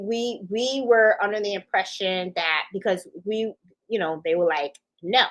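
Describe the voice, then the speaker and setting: A woman's voice: mid-range voice, poor audio. A middle-aged woman hosting a sewing channel, chatting casually and acting out voices as she tells a story with laughs. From Puerto Rico. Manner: animated, laughing, acts out voices in quotes.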